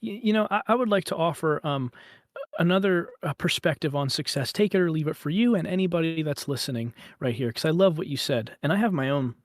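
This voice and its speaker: A man's voice: a little high, brisk, no room sound, studio quality. A man hosting a podcast, speaking thoughtfully and hesitantly with many fillers. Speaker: podcast host. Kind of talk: casual podcast conversation.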